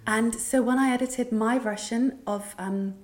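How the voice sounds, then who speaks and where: A woman's voice: on the high side, fairly even intonation, unhurried, darkish tone. A middle-aged woman writer from Northern Ireland speaking reflectively at a literary event, with frequent ums and restarts. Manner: thoughtful, many ums and restarts, storytelling. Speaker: writer and anthology editor.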